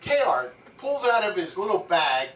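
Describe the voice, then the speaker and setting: A man's voice: sits high, a little slow. A man from New Jersey giving a keynote speech, telling jokey anecdotes to an audience. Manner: lively, jokey anecdotes with frequent laughs. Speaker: keynote speaker. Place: yacht club event room. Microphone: far amateur camera. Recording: roomy, distant, noisy amateur tape.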